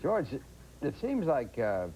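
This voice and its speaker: A man hosting an interview, asking easygoing, halting questions. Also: a little high, wildly swooping pitch, dark tone, a little hiss or hum. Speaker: host. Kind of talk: casual interview.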